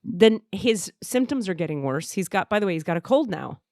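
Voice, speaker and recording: A woman's voice: mid-range voice, expressive, a little fast, a little mellow, dry recording, clean studio sound. A woman hosting a podcast who tells a personal story frankly and expressively and swears freely. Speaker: podcast host.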